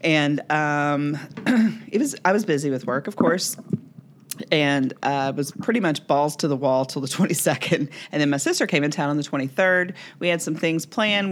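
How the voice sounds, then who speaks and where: A woman co-hosting a podcast, telling a personal story in casual chat with frequent laughter. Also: deep voice. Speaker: podcast co-host.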